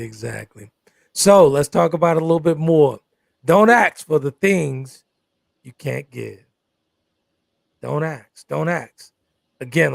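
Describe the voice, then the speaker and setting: A man's voice: fairly high pitch, creaky, no room sound, clean studio sound. A man co-hosting a live talk show about relationships, talking emphatically and often repeating "exactly" and "good stuff".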